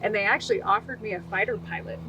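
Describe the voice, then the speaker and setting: A Utah woman in her forties speaks quickly in a medium pitch over some background noise. Appearing as a podcast guest, she tells her life story in an interview and animatedly acts out the voices she quotes.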